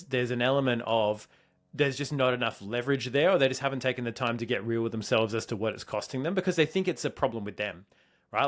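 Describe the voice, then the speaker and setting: A man on a fitness podcast talking very quickly and with force. His pitch is in the ordinary male range, and he piles on emphasis and casual swearing. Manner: fast, emphatic, swears a lot. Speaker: podcast co-host. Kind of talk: motivational podcast talk.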